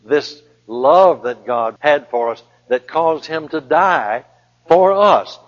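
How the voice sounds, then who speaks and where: A man preaching a sermon and reading scripture, repeating key phrases and slowing down to stress them. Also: mid-range voice, slightly rough. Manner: emphatic, repeats key phrases and slows down for emphasis. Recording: dull lo-fi recording in a reverberant hall.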